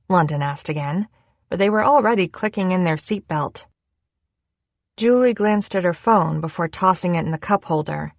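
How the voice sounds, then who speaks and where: A woman reading an audiobook in a measured, unhurried scripted narration. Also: fairly low pitch, dry recording.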